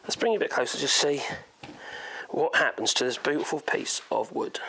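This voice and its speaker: A man's voice: medium pitch, animated, moderate pace, pushed and bright, slight background noise. A man with a Norfolk accent giving a chatty, rambling woodworking demonstration in his workshop, thinking aloud as he goes. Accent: Norfolk English. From Norfolk, England.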